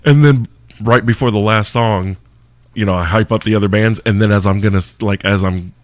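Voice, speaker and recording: A man hosting a podcast, telling band stories in casual chat, animated and swearing freely. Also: fairly low pitch, a little fast, no echo. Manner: animated, swears freely, acts out quotes loudly. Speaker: podcast host, former band singer.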